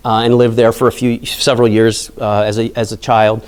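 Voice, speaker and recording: A man's voice: on the low side, flat delivery, fairly quick, clean tone. A man from Pennsylvania, a national park site manager, giving a conversational history lecture to an audience, chatty and full of asides and questions to the listeners. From Pennsylvania, USA.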